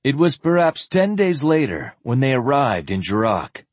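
A man narrating a fantasy novel as an audiobook, with expressive, varied delivery close to the microphone. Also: mid-range voice, moderate pace, no echo.

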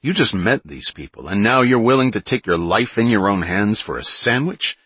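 A man's voice: lowish voice, lively intonation, normal speed, sharp tone, husky, pitched above the performer's own voice, heavily acted. A man voicing a rude, suspicious bully who scoffs at what he hears, in an audiobook. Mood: scornful. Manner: blunt, scoffing.

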